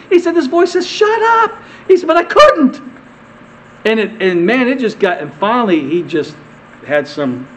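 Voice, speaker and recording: A male pastor preaching a conversational sermon, asking the congregation questions and repeating words, swinging from emphatic peaks to quiet asides. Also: on the high side, muffled recording, slight background noise.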